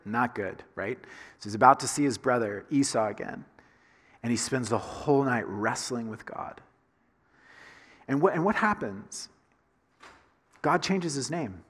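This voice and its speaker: Husky Southern man preaching in a hall. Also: mid-range voice. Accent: Southern American. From Southern United States. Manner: conversational preaching with rhetorical questions. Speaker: pastor. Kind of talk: sermon.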